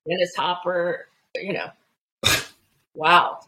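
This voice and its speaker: A woman guest telling family anecdotes in a casual, animated way, full of restarts and fillers. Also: on the low side, takes it slowly, low-quality recording. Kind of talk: casual storytelling chat.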